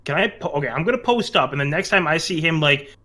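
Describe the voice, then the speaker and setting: A man playing a tabletop game in casual chat, excitable and swearing. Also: a little high, fast. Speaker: player.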